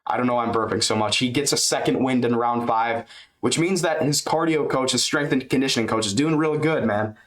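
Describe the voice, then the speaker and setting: A man's voice: mid-range voice, fairly quick, a bit bright. A man giving a loose, chatty fight recap on his channel, swearing and dropping man and dude, speaking into a webcam. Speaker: MMA YouTuber.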